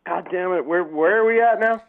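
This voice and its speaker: A man's voice: high voice, fairly quick, slight background noise. A man with a slightly raised voice spins long, swear-filled stories in loose conversation. He jumps between tangents and acts out what people said. The sound is thin and boxy, like a phone line. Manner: profane, rambling, jokey, acts out quotes. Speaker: podcast guest. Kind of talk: casual storytelling chat.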